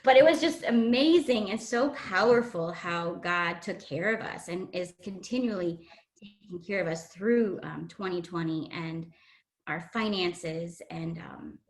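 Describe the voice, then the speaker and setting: Earnest woman telling a personal story. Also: fairly low pitch. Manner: earnest, emotional, halting with fillers. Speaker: guest sharing a testimony. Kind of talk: personal testimony.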